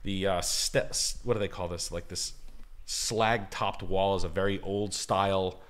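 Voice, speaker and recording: A man with a low voice and a bright, tense edge, talking casually on a livestream. He rambles, swears freely, and tosses out blunt opinions. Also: steady tone, a little slow. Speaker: co-host.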